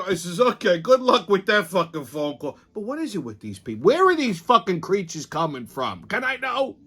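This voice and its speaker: New guy ranting and cursing his way through stories, kinda high voice. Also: very animated, normal speed, few pauses, pushed and bright, slightly rough. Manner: profane, blunt, storytelling with quoted exchanges. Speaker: host. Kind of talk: ranting casual monologue.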